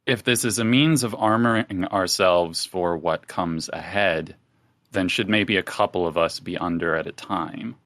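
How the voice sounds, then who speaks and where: Male player, lowish voice, wry, close dry sound. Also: measured pace, fairly bright tone, dry recording. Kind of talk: tabletop game play.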